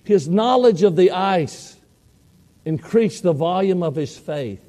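A high-voiced man preaches in a large hall, and his words ring with a long reverb. He tells a story in an animated way, playing the people in it. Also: slow. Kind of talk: sermon storytelling.

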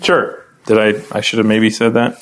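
A man runs a casual Bible study with easy conversational talk, calling on members of the group by name to read. His voice keeps lifting higher as he warms to an explanation. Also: moderate pace, a little hiss or hum. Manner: lively, often rising in pitch when explaining. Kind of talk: casual classroom teaching.

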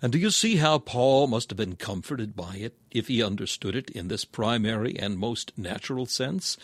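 A man reading a sermon aloud in old-fashioned scriptural language. He is solemn and measured, and his pitch climbs for emphatic appeals. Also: animated, no echo. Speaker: preacher.

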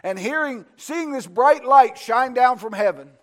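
A man with an extremely high-pitched voice delivers a fervent, animated sermon without hurrying. Repetition drives his points forward as he poses rhetorical questions to the congregation.

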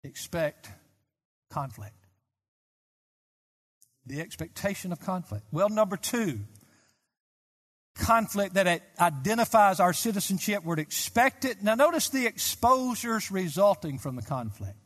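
High-voiced preacher man in a reverberant church. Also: very animated, unhurried, pauses often. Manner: impassioned preaching, swings from soft to loud. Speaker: pastor. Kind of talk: sermon.

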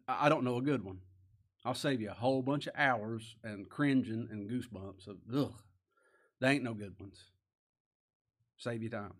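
A man preaching a sermon, swinging between quiet stresses and raised, impassioned emphasis. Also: mid-range voice, normal speed, pauses often. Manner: impassioned, rising and falling emphasis. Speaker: pastor.

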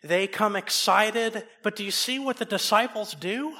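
A man preaching a sermon, swinging from loud emphasis down to low, soft asides. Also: a little slow. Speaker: pastor.

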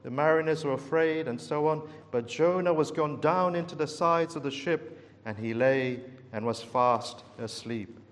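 A man's voice: a little high, moderate pace. Earnest preacher man in a reverberant hall. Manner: earnest, dramatic storytelling with big swings. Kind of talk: sermon.

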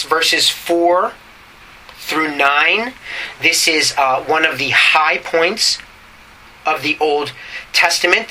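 A male pastor preaching a teaching sermon, often checking in with the congregation and reading scripture slowly and deliberately. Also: fairly high pitch, pushed and bright, slight background noise, poor audio.

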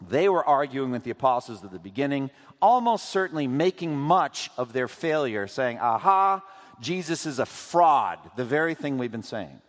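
A man preaching a sermon as pastor, asking rhetorical questions and acting out quotes in an animated way. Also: mid-range voice, moderate pace, few pauses. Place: church sanctuary. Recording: long hall reverb.

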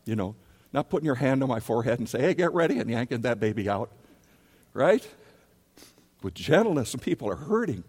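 A man preaching a sermon as pastor, emphatic, repeating key words and swinging between loud and soft. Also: mid-range voice, animated, fairly quick, pauses often, breathy edge. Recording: long reverb of a large hall.

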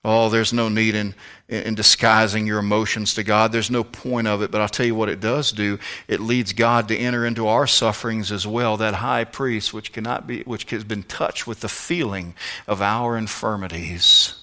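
A man's voice: on the low side, fairly even intonation, normal speed. Fervent preacher man. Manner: fervent, swings from shouts to hushed tones. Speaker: pastor. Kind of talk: sermon.

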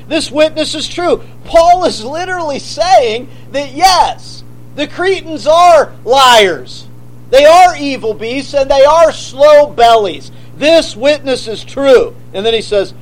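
A man preaching a sermon, forceful and emphatic, asking rhetorical questions. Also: extremely high pitch, animated, unhurried, poor audio. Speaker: pastor.

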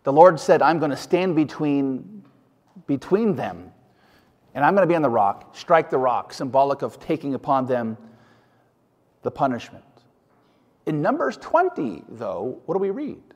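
A man's voice: a little high, sing-song, unhurried, pauses often, a little mellow. A man preaching a sermon, emphatic, often putting questions to his listeners. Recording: hall reverb.

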